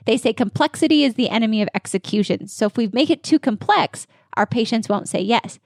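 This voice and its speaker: A woman dental practice consultant giving energetic, confident coaching answers in an interview. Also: fairly high pitch, brisk, no echo, clean studio sound.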